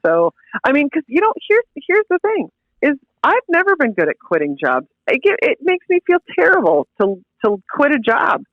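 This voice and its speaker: A woman's voice: sits high, moderate pace, no echo, phone-quality sound. A woman guest on a podcast, chatting casually and expressively about an old job. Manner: chatty and expressive, laughs into stories. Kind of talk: casual chat.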